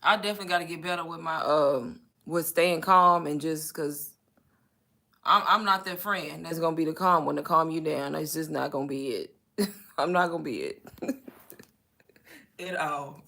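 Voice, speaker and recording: Lady chatting on a live stream, bright voice, animated storytelling. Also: low-pitched, normal speed, creaky, pauses often. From Texas. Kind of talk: casual chat.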